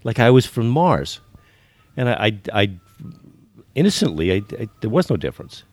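He has a mid-range, sing-song voice with a darkish tone, talking at normal speed in a recording free of room sound. The speaker, a US football business consultant in his sixties, tells stories as a podcast guest and often repeats words or begins again.

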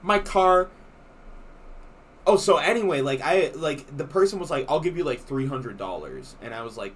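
A man's voice: a little high, normal speed, a little hiss or hum. Young man telling a story with lots of swearing. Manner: swears a lot, animated storytelling. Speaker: podcast co-host. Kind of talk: casual chat.

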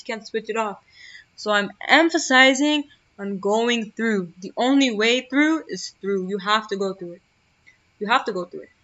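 A woman's voice: on the high side, bright, forceful tone, highs cut off. A young woman hosting a solo motivational podcast, talking earnestly and emphatically, often repeating her key phrases. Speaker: podcast host.

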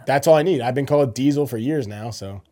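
A man's voice: mid-range voice, quick pace, mellow. A man chatting on a sports podcast, teasing the others and laughing often. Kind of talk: casual sports chat.

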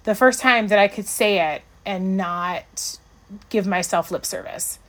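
A woman co-hosting a podcast in loose, casual conversation, her voice sitting at an ordinary middle pitch. She talks in an animated, rambling way, full of fillers and restarts, and jumps up high when she gets excited. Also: measured pace. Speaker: podcast co-host. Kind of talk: casual chat reviewing an episode.

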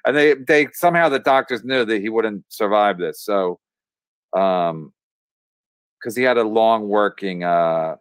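A man telling a rambling story on a podcast, full of restarts, fillers and pauses. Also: fairly low pitch, smooth, dry recording. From Irish.

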